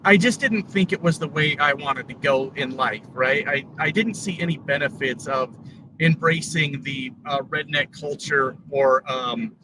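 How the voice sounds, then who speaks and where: A man's voice: fairly high pitch, a little slow. A man talking to his viewers while driving his truck, rambling with lots of fillers. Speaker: trucker YouTuber. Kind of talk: casual vlog while driving. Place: truck cab on the road. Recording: distant mic, road noise.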